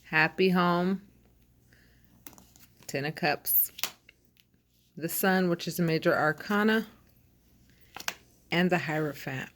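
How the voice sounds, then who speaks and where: A woman who hosts a channel, giving a calm, reassuring tarot reading that speaks straight to her listeners. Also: lowish voice, takes it slowly, long pauses, a little hiss or hum. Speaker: tarot reader.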